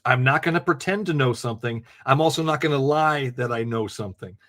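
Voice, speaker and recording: A man's voice: medium pitch, a little fast, fairly bright tone. A man hosting a live call-in debate podcast, blunt, mocking and profane, laughing often. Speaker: host.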